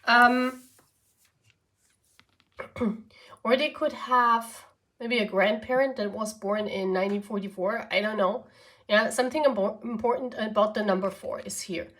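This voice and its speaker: A woman's voice: medium pitch, steady tone, a little slow, pauses often, fairly bright tone. A woman with a German accent, German as her first language, giving a chatty pick-a-card tarot reading to her viewers. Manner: chatty, often adds "okay?" and "yeah?". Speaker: tarot reader.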